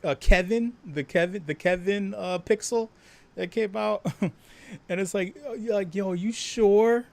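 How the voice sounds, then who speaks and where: A man hosting a live stream, talking casually with lots of swearing and laughter, and acting out quoted voices louder and higher. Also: measured pace, vocal fry. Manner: profane, laughing, animated storytelling. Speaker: host.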